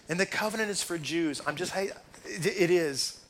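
A man's voice: high-pitched, moderate pace, slight background noise. A man preaching a sermon as a rabbi, fervent and pleading, full of rhetorical questions. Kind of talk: sermon to a congregation.

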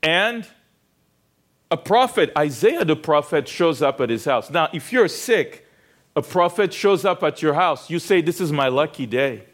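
A man's voice: fairly high pitch, lively intonation, a little slow. A man preaching a sermon, retelling a story with rhetorical questions to the congregation and frequent restarts. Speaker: pastor.

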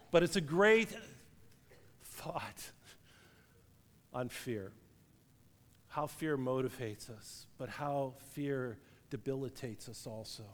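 A middle-aged preacher delivers his sermon at a middle pitch and drifts into animated storytelling, chuckling at his own tale. His voice rings with the long reverb of a large hall.

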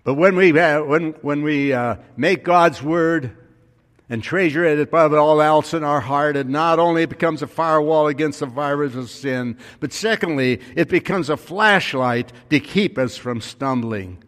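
A man's voice: on the high side, measured pace, a bit bright, long reverb tail. A male pastor telling a story in a sermon, his voice rising and falling with emphasis.

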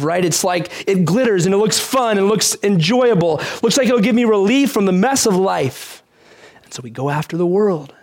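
Brief: male pastor, high voice, conversational sermon with rhetorical questions.

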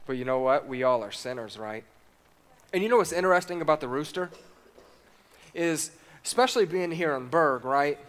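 A man's voice: on the high side, expressive, moderate pace, pauses often, fairly bright tone. Man preaching a sermon. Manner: reads scripture aloud, asks the congregation questions.

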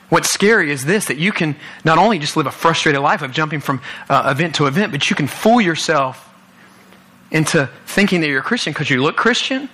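A man's voice: a little high, sharp tone. A young man giving an earnest sermon at a church youth service, often repeating himself as he restarts. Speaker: guest youth speaker.

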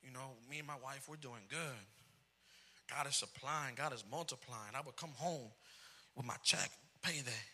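A man in his thirties preaching a comic personal story, animated and dropping in Spanish phrases. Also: medium pitch, normal speed, breathy edge. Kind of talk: storytelling sermon.

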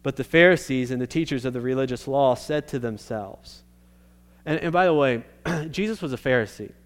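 Pastor, male, smooth clear voice, middle pitch, earnest sermon delivery with emphatic restarts. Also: normal speed.

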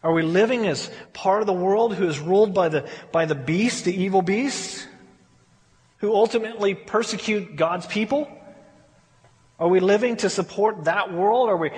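Brief male pastor with a high voice, candid conversational sermon full of restarts, long hall echo. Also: a little mellow.

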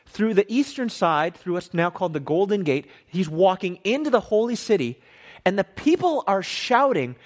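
A man teaching from the Bible in a casual sermon style, animated and conversational, often repeating and correcting himself. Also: high-pitched, normal speed.

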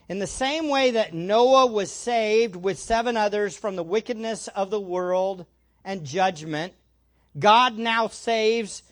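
Slow, emphatic preacher. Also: mid-range voice. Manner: emphatic, asks rhetorical questions and answers them. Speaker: pastor. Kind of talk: expository sermon. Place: church room with an audience.

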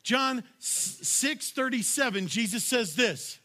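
A male pastor with a high, bright, ringing voice delivering a sermon. He talks conversationally and directly to the congregation. He hammers home his points with bursts of raised volume. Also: animated, takes it slowly. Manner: emphatic, punchy, shouts key lines; conversational, addresses audience directly.

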